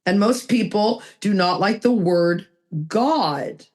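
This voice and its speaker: A woman's voice: mid-range voice, slow, a little mellow. A woman co-hosting a recovery podcast, talking emphatically and answering her own rhetorical questions. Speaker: podcast co-host. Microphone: video call mic.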